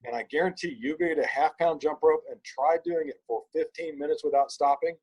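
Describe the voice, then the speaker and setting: A man, a podcast guest, telling an emphatic, animated story in casual conversation. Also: fairly high pitch, brisk, slightly rough, poor audio.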